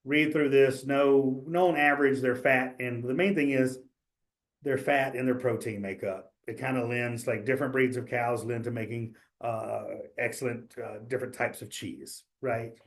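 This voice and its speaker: A man's voice: medium pitch, fairly even intonation, moderate pace. A man giving a casual exam prep webinar, talking loosely with fillers, restarts and small jokes. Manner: loose, chatty, joking, many fillers and restarts.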